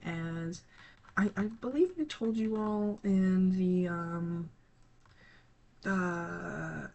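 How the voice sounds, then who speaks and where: A teenage gaming creator talking casually to viewers, halting and scattered, with many restarts and trailing thoughts. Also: mid-range voice, a little hiss or hum. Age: teens. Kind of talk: casual rambling talk to viewers.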